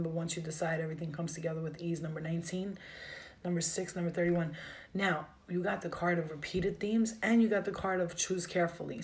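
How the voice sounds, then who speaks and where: A woman's voice: lowish voice, a little mellow. A woman giving a live tarot reading, emotional and direct, speaking straight to her viewers. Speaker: tarot reader.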